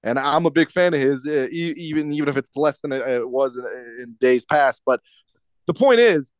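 A man with a high, light voice rants through a casual podcast chat, swearing freely and tripping over restarts. The sound is dry and close, with no room around it. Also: moderate pace, dry recording. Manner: profane ranting with stumbling restarts. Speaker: podcast co-host.

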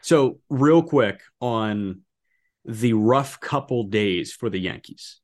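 A man co-hosting a casual sports podcast, talking fast and loose with incredulous outbursts and plenty of fillers. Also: lowish voice, animated, a little mellow. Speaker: podcast co-host. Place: apartment.

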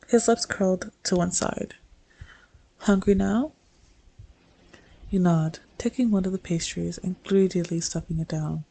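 A woman reading her own second-person fanfic aloud in a soft, unhurried storytelling manner. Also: fairly low pitch, vocal fry, breathy edge, dry recording, poor audio. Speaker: fanfic reader.

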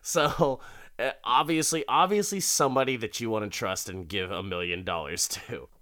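Forceful, crude man retelling a story. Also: on the low side, moderate pace. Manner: animated, crude and profane, laughing often. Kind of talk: casual chat retelling a TV episode.

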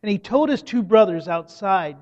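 High-voiced man preaching, dull lo-fi sound. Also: animated, moderate pace, darkish tone. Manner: earnest preaching with repeated warnings. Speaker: pastor. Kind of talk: sermon.

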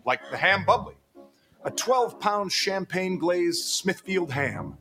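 A deadpan TV ham pitchman. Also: unhurried, heavily acted. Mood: deadpan salesy. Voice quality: smooth, confident deadpan pitch delivery. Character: smug male ham-selling TV pitchman, deadpan. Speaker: spokesman in a spoof TV ad. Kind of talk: comedy sketch ad read. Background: music under the ad.

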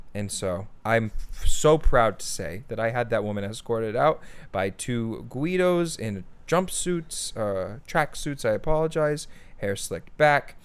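A man's voice: mid-range voice, smooth. A young man co-hosting a comedy podcast, telling a mock-outraged story with heavy swearing and over-the-top indignation. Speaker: podcast co-host. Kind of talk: satirical comedy podcast banter.

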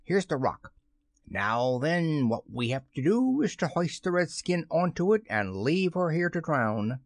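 Man putting on a high, excitable Irish pirate bosun, storybook voice, dry close sound. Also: measured pace, no room sound. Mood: gruff.

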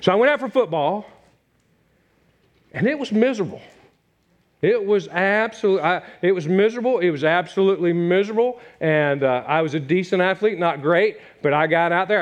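A middle-aged pastor from Virginia preaches a sermon in a high voice, captured with lo-fi sound. He speaks conversationally, repeats his points, and turns to the congregation with asides.

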